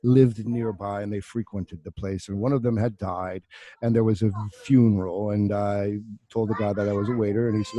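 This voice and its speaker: A man in his sixties, an actor guest, telling stories in a casual, animated and profane way over a video call. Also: fairly low pitch, moderate pace.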